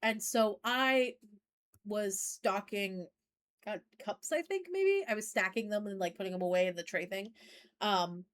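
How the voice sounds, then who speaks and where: A woman co-hosting a casual podcast chat, telling a story in a rambling way. She keeps stopping to restart and throws in lots of fillers. Her voice sits at an ordinary middle pitch. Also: expressive, unhurried. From not from Maine. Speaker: podcast co-host.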